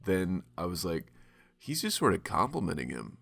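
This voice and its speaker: Podcast co-host, young man, deep voice, dry close sound, blunt casual talk. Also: huge pitch swings, normal speed, gravelly, fairly bright tone, no room sound. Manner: blunt, swears casually, quotes people in put-on voices. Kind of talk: casual chat.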